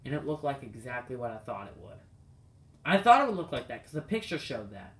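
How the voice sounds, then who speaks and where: A man's voice: mid-range voice, very animated, fairly quick, a bit bright. A young man reviewing a toy race car for his channel, talking straight to viewers in an exasperated, ranting way. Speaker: diecast collector reviewing cars. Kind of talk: casual video review.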